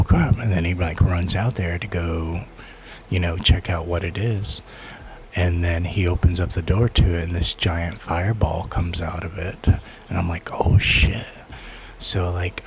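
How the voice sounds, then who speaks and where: A deep-voiced man recounts his own past in a loose, unpolished way. He leans on filler words constantly and often sinks into a quiet mutter. A faint hiss of noise sits under his voice. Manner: rambling, heavy use of filler words; low-key, often drops to a quiet mutter. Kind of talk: casual personal storytelling.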